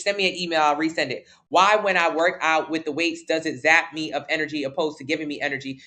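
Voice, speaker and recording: A woman's voice: low voice, fairly bright tone. A woman fitness coach answering viewers live, blunt and emphatic, repeating key points in casual slang. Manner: casual slang-heavy talk.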